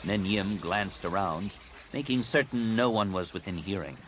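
A man narrating an audiobook in a steady, expressive reading. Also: low voice, moderate pace, slight background noise, rough recording.

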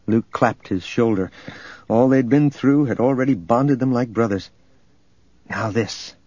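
A man narrating a novel in a steady, even storytelling manner, recorded as a dull lo-fi audiobook. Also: medium pitch, unhurried, slightly rough, dry recording. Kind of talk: scripted narration.

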